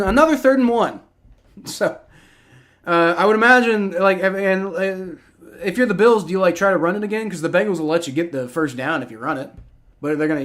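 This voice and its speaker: A man from Ohio with a Southern accent, giving excitable, rambling live play-by-play reaction commentary on a football game and swearing when frustrated. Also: on the high side. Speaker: livestream sports reaction host.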